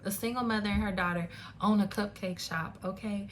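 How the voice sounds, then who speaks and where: A young woman talking through books in a casual, animated way, full of "like" and "y'all", with laughing asides. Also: mid-range voice, fairly quick, slight background noise. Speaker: book reviewer. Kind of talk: casual chat. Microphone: phone camera.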